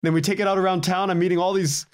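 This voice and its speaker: Man, podcast guest, casual interview, animated storyteller, high voice. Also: very fast.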